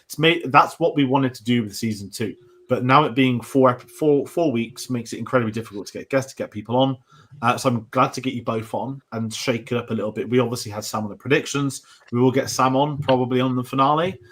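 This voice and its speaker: A man's voice: medium pitch, fairly even intonation, quick pace, a bit bright. Young british guy going on about a tv show, lots of restarts, medium voice. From Britain. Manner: rambling, many restarts and asides. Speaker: podcast host. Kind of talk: casual discussion of a TV show.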